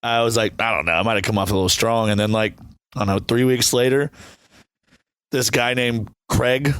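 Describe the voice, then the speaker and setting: A man's voice: mid-range voice, normal speed, a bit bright, smooth, dry recording. A man in his thirties, a podcast guest telling stories in a brash, self-mocking way and laughing often. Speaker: podcast guest, reality show contestant and band member. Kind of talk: casual conversational storytelling.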